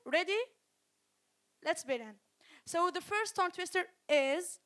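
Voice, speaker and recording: A woman hosting a school reading event, explaining the rules of a tongue-twister game to students and saying each twister slowly and carefully. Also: very high-pitched, animated, a bit bright.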